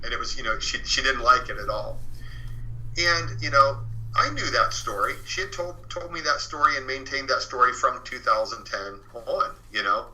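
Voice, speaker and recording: A man's voice: medium pitch, expressive, moderate pace, pushed and bright, low-quality recording. A man as an interview guest, earnestly telling a true paranormal story in a casual way, full of fillers. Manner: earnest and conversational, many fillers.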